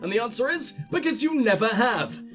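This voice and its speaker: A man's voice: extremely high pitch, very animated, brisk, a bit bright, soft background music. A man commentating on his own gameplay, sarcastic and profane, mocking what he sees. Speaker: let's play host.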